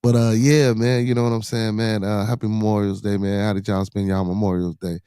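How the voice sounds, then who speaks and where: A middle-aged man with a Chicago accent hosts his podcast alone on a live stream, sitting in a home studio. He talks in easygoing street slang, repeats his catchphrases and calls out to viewers in the chat. His voice sits low and mellow, and the sound is dry and close. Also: little pitch movement, a little fast, clear, resonant tone, dry recording. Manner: laid-back street slang, repeats phrases, constant "you know what I'm saying". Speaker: podcast host.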